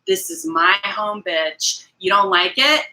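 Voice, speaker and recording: A woman's voice: mid-range voice, expressive, takes it slowly, bright, forceful tone, rough recording. A woman hosting a casual livestream, talking straight to her viewers in a rambling, emphatic way and greeting people in the chat. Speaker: livestream host.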